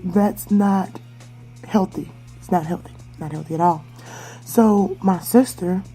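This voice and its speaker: Young woman, candid chatty podcaster, warm mellow voice, faint background music. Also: lowish voice, slightly rough. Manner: candid, chatty, many fillers. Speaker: podcast host. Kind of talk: personal storytelling monologue.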